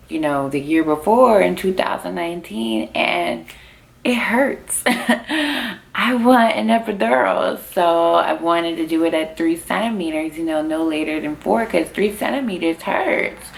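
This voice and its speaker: A woman's voice: on the low side, a little slow, gravelly. A young woman vlogger telling a long personal story to camera in casual chat, saying "like" constantly and laughing often, recorded at home. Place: at home with her baby.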